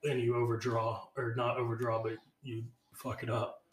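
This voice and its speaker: A tired, run-down young man co-hosts with a deadpan, sarcastic, mumbly delivery. He is recorded in an echoey room, with faint noise beneath his voice. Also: mid-range voice, normal speed. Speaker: podcast co-host. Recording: roomy with faint background noise.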